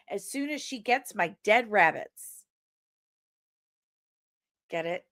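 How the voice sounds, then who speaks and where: A sniffly woman with a lingering cough hosting a casual live stream. She greets viewers with loud, sing-song shouts and chats in a playful, teasing way. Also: mid-range voice, expressive, measured pace, long pauses. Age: adult, old enough to remember films from forty years ago. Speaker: host of a daily pop-culture live show.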